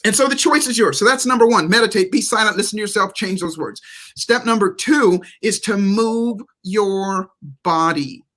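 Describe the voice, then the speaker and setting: A man's voice: high voice, moderate pace, a bit bright. A man speaking as a guest motivational speaker on a live interview show, emphatic and preacherly, repeating key words for stress.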